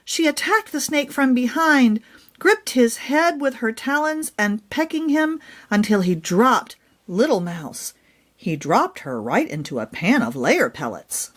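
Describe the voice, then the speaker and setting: A woman reading her own children's picture book aloud in an expressive storytelling manner. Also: a little high, measured pace.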